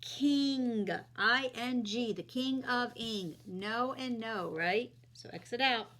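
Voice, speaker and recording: Slow, patient woman teaching phonics. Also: a little high, sharp tone. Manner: slow, patient, sounding out letters and vowel sounds. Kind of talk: phonics lesson for young children.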